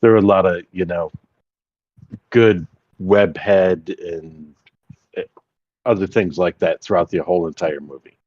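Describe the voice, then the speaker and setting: A man talking casually as a guest on a podcast in relaxed, drawn-out remarks. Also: sits low, no room sound, muffled recording. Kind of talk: casual chat.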